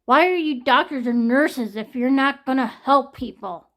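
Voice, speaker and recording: A young woman talks straight to her viewers in a raw, emotional vlog, her voice sitting a little high. She is shaking from pain and close to tears, venting hard with frequent swearing. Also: unhurried. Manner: distressed, venting, swearing often. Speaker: vlogger.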